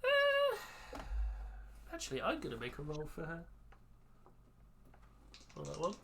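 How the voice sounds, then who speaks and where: Relaxed tabletop game master narrating. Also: medium pitch, slow pace, creaky, a little hiss or hum. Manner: relaxed, with many fillers. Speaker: dungeon master.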